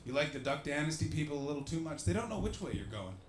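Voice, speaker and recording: A comedian telling jokey stories to a live audience and acting out the people in them. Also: male voice, on the high side, fast talker, roomy sound, a little hiss or hum. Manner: animated, jokey, acts out the people in his stories. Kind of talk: live podcast storytelling with an audience.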